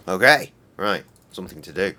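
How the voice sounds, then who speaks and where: A man's voice: sits low, bright, forceful tone. A man in his thirties streaming a game, rambling and joking with lots of swearing. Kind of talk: casual game stream commentary.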